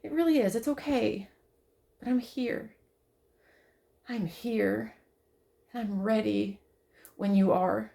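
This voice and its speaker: A woman speaking in a fairly high voice in a raw, emotional vlog monologue. She curses freely and repeats phrases over and over, shifting between loud outbursts and hushed, gentle reassurance. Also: slow pace, creaky, long pauses. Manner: swears often, repeats herself, swings from loud to soft. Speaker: vlogger.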